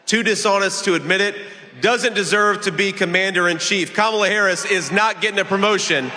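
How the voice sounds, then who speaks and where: A man giving a rousing rally speech in a large arena, some lines shouted. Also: sits high, a little fast. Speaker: political rally speaker. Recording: long arena reverb.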